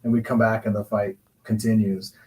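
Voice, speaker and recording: A male counselor gives relationship advice in a measured, reflective way. His voice sits a little low, and he takes his time explaining each point. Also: level tone, warm tone, poor audio. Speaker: guest counselor and coach. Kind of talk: calm advice-giving talk.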